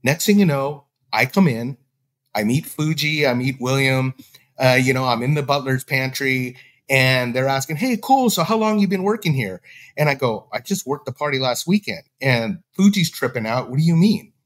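In casual conversation as a podcast guest, a man with a mid-range voice tells a story at a moderate pace. He's animated and acts out the voices of the people he quotes.

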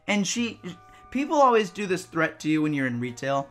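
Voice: medium pitch, very animated, fairly quick, soft background music. A retail cashier telling a work story as an exasperated, profane storytime rant. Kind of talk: animated storytime vlog.

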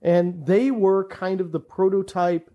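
A man's voice: sits high, fairly even intonation, unhurried, dull audio. A man talking as a podcast guest in casual chat, telling stories with enthusiasm and laughing often. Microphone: studio podcast mic.

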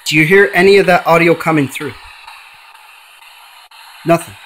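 A man's voice: a little high, fairly bright tone, a little hiss or hum, low-quality recording. Insistent man calling out to spirits. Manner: calls out repeatedly to spirits, then lectures insistently. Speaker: paranormal channel host. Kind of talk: ghost-hunting demonstration vlog.

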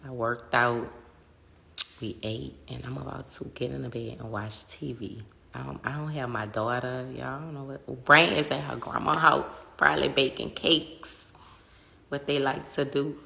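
Gravelly low New Orleans woman. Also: steady tone, a little slow, sharp tone. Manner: chatty, swears freely, reads out viewer comments. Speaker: livestream host. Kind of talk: casual livestream chat. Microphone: phone.

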